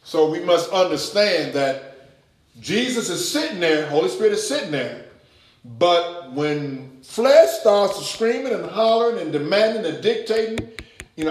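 A man preaching to a Bible class, swinging between loud, emphatic passages and quiet, low asides. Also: lively intonation, unhurried, echoey room. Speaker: pastor teaching a Bible class. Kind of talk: sermon.

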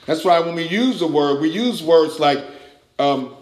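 A man preaching with a fairly high voice that rises to emphatic peaks and drops to low asides. The room around him is roomy and echoing. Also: measured pace. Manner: animated preaching, swings from loud to quiet. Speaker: pastor teaching a Bible class. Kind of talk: sermon.

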